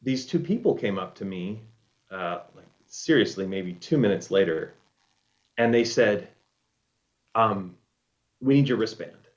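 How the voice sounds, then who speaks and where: A man, a former reality show contestant, casually telling a story in an animated way and acting out what people said. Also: deep voice, measured pace, pauses often. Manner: animated storyteller, acts out quoted lines. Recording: dull lo-fi audio.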